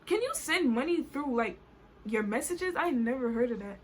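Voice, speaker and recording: A young woman with a Caribbean accent tells an indignant, animated story in a casual vlog. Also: sits high, normal speed, slightly rough. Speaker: vlogger. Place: New York.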